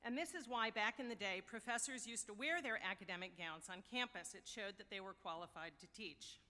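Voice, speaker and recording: American woman, university official, podium speech, bright voice, long hall reverb. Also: medium pitch. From United States. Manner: wry, anecdotal, measured. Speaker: university deputy provost. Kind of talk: ceremonial address. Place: large ceremony hall.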